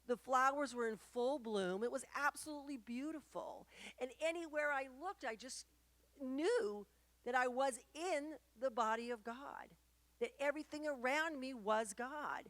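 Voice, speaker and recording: A woman's voice: high voice, a little slow, dry recording. A woman minister giving an earnest, reflective sermon, telling stories and speaking directly to her congregation. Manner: warm, earnest, reflective preaching with storytelling. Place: church or spiritual center.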